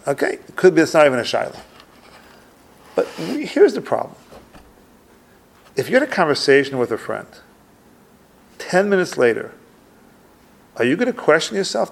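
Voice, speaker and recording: A man with a gravelly voice on the high side teaches a religious class. He reads Hebrew texts aloud, translating each line, and thinks out loud with frequent restarts.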